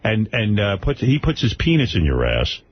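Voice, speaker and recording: A man's voice: on the low side, huge pitch swings, normal speed, slight background noise. A man hosting a radio show who keeps pressing a caller to answer the same question. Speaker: radio host. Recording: dull radio broadcast sound.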